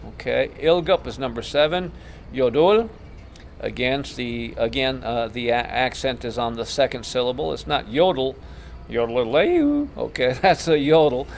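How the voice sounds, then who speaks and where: Gravelly Texan taekwondo instructor. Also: male voice, medium pitch, slight background noise. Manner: patient, repeats each term slowly, many uh fillers. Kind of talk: pronunciation lesson.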